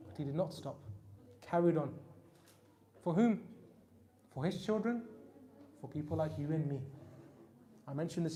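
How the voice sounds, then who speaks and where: A man preaching a Muharram sermon, telling stories with emphatic peaks that drop to soft, quiet lines. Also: a little high, normal speed, long pauses. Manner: storytelling, rising to emphatic peaks then dropping soft. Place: mosque hall.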